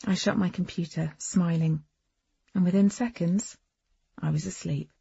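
A woman reads a first-person audiobook in a lively, expressive way. Her voice is very husky, with a gravelly edge. The studio recording is dry and a little dull. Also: fairly low pitch, unhurried, no room sound. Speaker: audiobook narrator.

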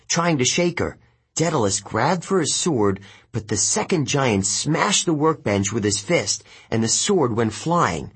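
A man narrating an audiobook in the first person, telling the story in a steady, even way. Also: mid-range voice, slightly rough.

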